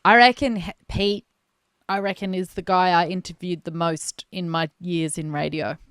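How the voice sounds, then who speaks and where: Bubbly woman with a smooth voice. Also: on the low side, steady tone, fairly bright tone, no room sound. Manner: bubbly and quick to laugh. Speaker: podcast co-host, former radio presenter. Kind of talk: casual chat.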